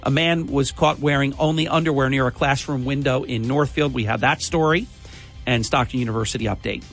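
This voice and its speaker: A man's voice: medium pitch, steady tone, a little fast, music in the background. Chatty New radio host man. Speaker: radio talk show host. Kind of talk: morning talk radio.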